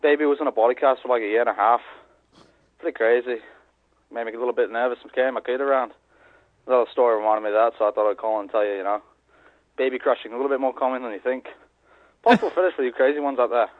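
A man's voice: medium pitch, quick pace, long pauses, dry recording, lightly acted. A man phoning in a voicemail as a caller, putting on a fake Irish-sounding accent. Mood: rambling. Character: rambling male caller faking an Irish accent. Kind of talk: phoned-in voicemail. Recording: tinny phone line.

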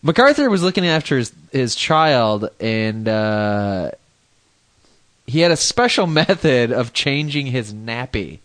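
A man's voice: mid-range voice, sing-song, slow, a bit bright. A man co-hosting a crude comedy podcast, chatting casually, laughing often and reading listener mail aloud with mock emphasis. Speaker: podcast co-host.

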